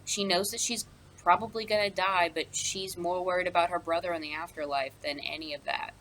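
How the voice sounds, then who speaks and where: A woman's voice: fairly low pitch, fairly even intonation, brisk, fairly bright tone, slight background noise, rough recording. A young woman, an English teacher, casually explains a play with lots of ums and asides. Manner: chatty, with many fillers and asides. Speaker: high school English teacher. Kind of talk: casual recorded lesson.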